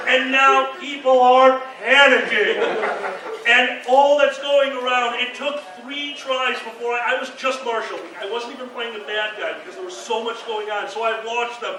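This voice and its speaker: A man telling lively stories at a convention panel, laughing and acting out shouted quotes. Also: extremely high pitch, normal speed. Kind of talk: animated live storytelling. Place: convention room with an audience. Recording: echoey room from far off, crowd noise.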